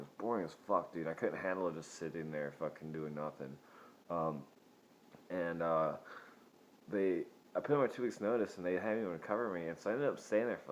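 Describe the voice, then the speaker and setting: A young man telling profane, rambling stories in a casual vlog, laughing often. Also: deep voice. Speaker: vlogger. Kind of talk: casual storytelling. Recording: dull lo-fi sound.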